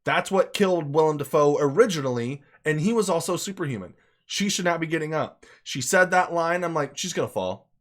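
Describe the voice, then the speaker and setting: A man with a somewhat high voice reviewing films off the cuff. He is emphatic and excitable, swears freely and circles back to repeat his points. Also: a little fast. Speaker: movie reviewer. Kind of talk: unscripted casual movie review.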